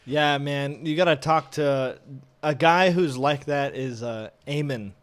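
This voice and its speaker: A young man who is a guest musician, talking in a laid-back, halting way with many fillers and some swearing. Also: on the high side. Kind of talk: casual chat.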